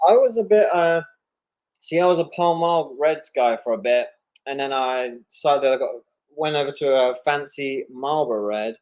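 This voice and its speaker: A man's voice: mid-range voice, moderate pace, darkish tone. A man co-hosting a casual comics chat over a video call, laid-back and hesitant, with frequent fillers. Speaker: co-host reading viewer questions.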